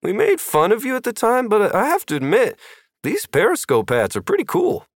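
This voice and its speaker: A man voicing an eager, excitable young male wizard. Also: sits high, moderate pace, no room sound, studio quality, voice pushed up, full character voice.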